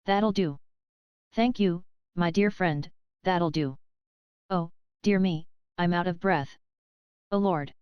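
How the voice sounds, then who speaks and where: A woman's voice: on the low side, slow pace, long pauses, clean tone, no echo, muffled recording. A woman reading the lines of a frail, grasping old moneylender in a storybook, wheedling and wheezy. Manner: fawning, wheezy, crafty.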